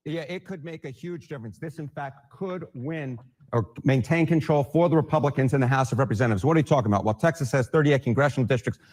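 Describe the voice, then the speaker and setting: A man giving broadcast news analysis in a played clip, explaining in a brisk, explanatory way. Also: medium pitch, darkish tone.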